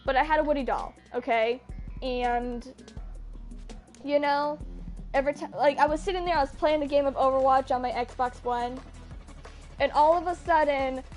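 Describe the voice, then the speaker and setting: A young woman streamer talks in a high, light voice, chatting casually to her viewers. She rambles earnestly and keeps breaking off mid-sentence to restart. Her delivery stays loose and unscripted throughout. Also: fairly even intonation, normal speed, long pauses, darkish tone, faint music behind. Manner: rambling, self-interrupting, earnest. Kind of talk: casual storytelling on a live stream.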